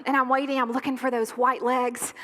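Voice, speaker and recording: A woman pastor delivering a sermon with impassioned, emphatic preaching and dramatic pauses, in a church sanctuary. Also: high voice, flat delivery, background noise.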